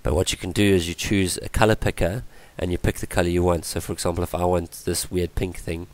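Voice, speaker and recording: A man explaining web page coding in a screen-recorded tutorial, his voice worn from illness, halting with many ums and restarts. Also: deep voice, little pitch movement, a little mellow. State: voice going from illness. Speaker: tutorial presenter.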